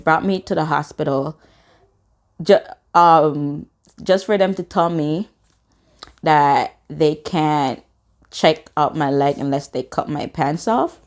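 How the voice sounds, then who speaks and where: Brief: woman in her twenties, lower-pitched, casual storytime vlogger, curses often, acts out quotes. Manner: swearing, animated reenacted quotes.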